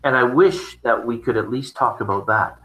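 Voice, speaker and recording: Echoey, bright-voiced man musing on theology. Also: medium pitch, normal speed. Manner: rambling, repeats words, chuckles often. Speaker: theology discussion partner. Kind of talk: casual conversation.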